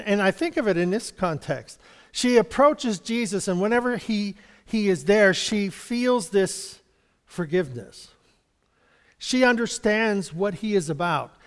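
A man's voice: high voice, smooth, big-room sound. A man giving an informal Bible study, chatty and rambling, chuckling often and acting out little exchanges. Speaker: Bible teacher.

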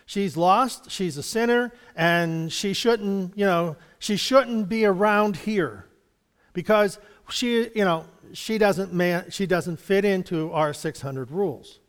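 A man's voice: high-pitched, takes it slowly, clean tone. Man, Bible study teacher, rambling and chatty, acts out small dialogues, reverberant hall.

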